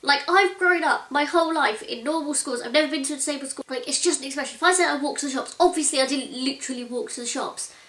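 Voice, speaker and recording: High-voiced young woman, echoey room. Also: quick pace, few pauses, a bit bright. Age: 20s. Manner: earnest and exasperated, chatty with many likes. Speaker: vlogger. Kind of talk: casual talk to camera.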